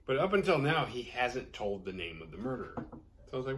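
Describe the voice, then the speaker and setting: A man's voice: mid-range voice, big pitch swings, fairly quick, fairly bright tone, a little hiss or hum. A man hosting a horror movie podcast, recapping a film in a rambling, sarcastic, profane way. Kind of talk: casual movie recap with jokes.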